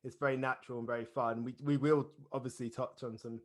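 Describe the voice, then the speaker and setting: A man's voice: medium pitch, flat delivery, fast. A middle-aged man hosting a podcast interview, often stumbling over and repeating his words and laughing. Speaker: podcast host.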